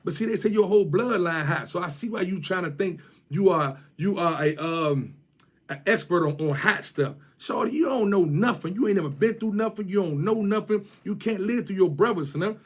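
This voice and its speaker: A man's voice: sits high, lively intonation, normal speed, breathy edge. A man with a Washington DC area accent, ranting and mocking someone to camera in heavy street slang, repeating his jabs. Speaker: vlogger.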